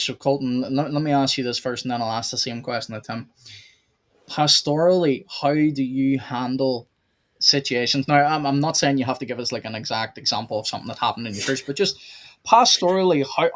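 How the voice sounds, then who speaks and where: Chatty Irish man hosting a podcast. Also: medium pitch. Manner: chatty, asks long rambling questions. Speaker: podcast host. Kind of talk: casual theology discussion.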